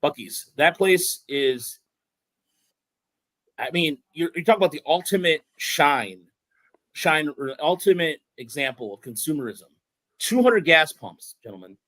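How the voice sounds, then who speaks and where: Rambling, excitable man on a dry mic. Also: fairly high pitch, a little slow, no room sound, low-quality recording. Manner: rambling, many restarts and fillers, excited storytelling. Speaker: podcast host. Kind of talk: casual sports podcast chat.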